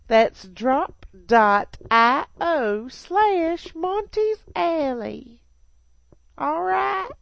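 Brief: giggly woman radio host, slightly high voice, dry close mic. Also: no room sound, dull audio. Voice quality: chatty, giggly, playful. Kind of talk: casual radio banter.

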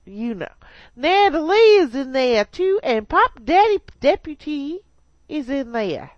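Brief: giggly woman radio host, slightly high voice, dry close mic. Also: very animated, takes it slowly, dry recording, highs cut off. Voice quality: chatty, giggly, playful. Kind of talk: casual radio banter.

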